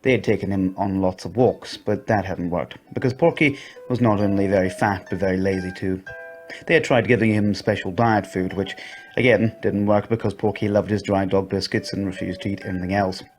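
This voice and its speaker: A man narrating a children's story in an expressive storybook reading voice. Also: sits low, fairly quick, faint music behind.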